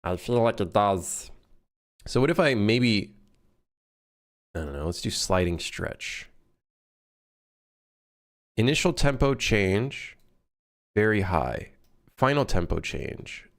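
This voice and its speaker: Male game-dev streamer, low voice with a lively swooping delivery, excitable and jokey. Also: takes it slowly, long pauses. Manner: excitable, swears and jokes while working. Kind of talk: casual live-stream commentary.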